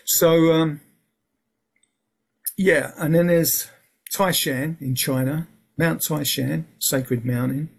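A man speaks in a rough, gravelly voice with a husky, airy edge. He talks as a guest in a relaxed interview, wandering through his points with plenty of ums and restarts. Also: a little high, takes it slowly, pauses often. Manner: rambling, restarts often, fills with um and yeah. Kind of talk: casual interview chat. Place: lives in England.

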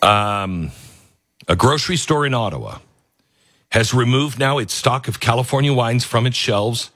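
A man's voice: mid-range voice, no room sound. Sarcastic guy doing news commentary, voice jumps all over, dry close sound. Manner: animated, sarcastic, laughs often. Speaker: commentary show host.

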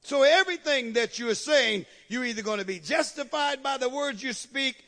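A man's voice: very high voice, a bit bright. A man preaching a sermon as pastor, calling out to the congregation and repeating key phrases.

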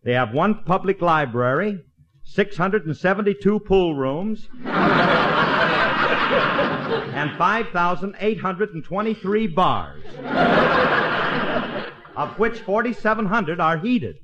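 An actor playing a boastful, wisecracking bandleader husband in a 1940s radio comedy, trading jokes in a lively way. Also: male voice, sits high, unhurried. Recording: muffled old radio broadcast with hiss. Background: studio audience laughter.

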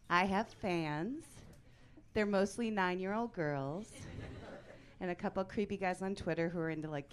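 A woman in her forties performing a brash, deadpan stand-up comedy set on stage. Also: medium pitch, a little hiss or hum. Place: stage in front of a live audience.

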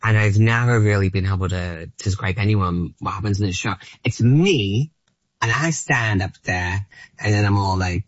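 An Australian man in his late thirties, speaking low and unhurried. He rambles and hedges, putting himself down with a lot of likes and ums. The recording is dry and dull, like a lo-fi studio mic. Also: dry recording. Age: late 30s. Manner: rambling, self-deprecating, hesitant with many likes. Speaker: comedian guest. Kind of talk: casual interview chat.

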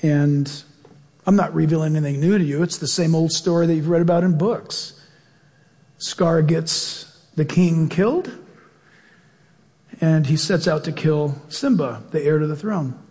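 Brief: earnest male pastor, high voice, slow deliberate preaching, long hall echo. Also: mellow. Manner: earnest, drawn-out preaching with prayer. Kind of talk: sermon.

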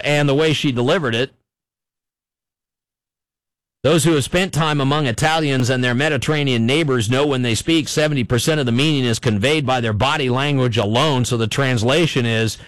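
Speaking into a studio mic in a radio studio, this local talk-show host comments on the news in a rambling, wry way, laughing at his own quips. He has a mid-range voice, talks fairly quickly with few pauses, and there's no room sound.

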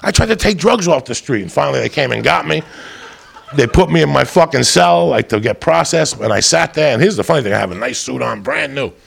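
A man doing stand-up, telling a loud, profane, rambunctious story to a live audience. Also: mid-range voice, lively intonation, brisk, creaky. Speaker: stand-up comedian. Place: stage before a live audience.

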